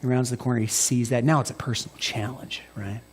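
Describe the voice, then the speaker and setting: Animated male preacher in an echoey church. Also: medium pitch, fast talker, slight background noise. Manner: animated storytelling, swinging from loud emphasis to hushed. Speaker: pastor. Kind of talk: sermon.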